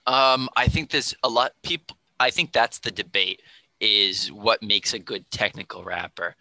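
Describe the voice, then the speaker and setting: A man explains rap music in a relaxed podcast chat, thinking aloud as he goes. His voice is fairly low but very bright and cutting. The sound is dry and close, with no room around it. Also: unhurried, no room sound, low-quality recording. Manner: thoughtful, explanatory. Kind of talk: casual podcast conversation.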